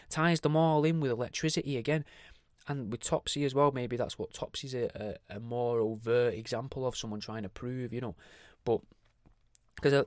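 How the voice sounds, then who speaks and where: A man's voice: medium pitch, smooth, no echo, studio quality. A man hosting a podcast alone, chatting casually in a rambling, sweary way, with many asides and restarts. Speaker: podcast host. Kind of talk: casual solo podcast monologue.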